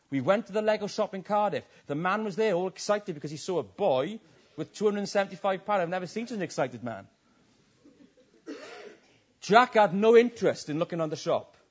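A man preaching a passionate sermon, his voice swelling and dropping. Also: muffled recording. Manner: impassioned, rising and falling in pitch and volume.

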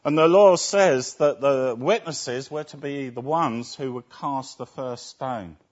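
Slow, measured male preacher. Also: medium pitch, darkish tone. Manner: asks rhetorical tag questions. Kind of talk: sermon. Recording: dull lo-fi recording.

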